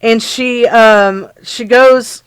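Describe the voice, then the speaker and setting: A woman's voice: on the high side, fairly even intonation, extremely slow, clear, resonant tone, no room sound, poor audio. A woman co-hosting a podcast, casually recapping a movie plot and agreeing along with lots of "right" and "yeah.". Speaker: podcast co-host.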